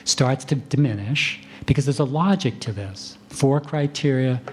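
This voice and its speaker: Male doc giving a talk, calm and chatty, acts out patient convos, mid pitch. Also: slight background noise. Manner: conversational, acts out doctor-patient exchanges; calm, unhurried delivery. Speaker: physician giving a conference lecture. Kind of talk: conference lecture.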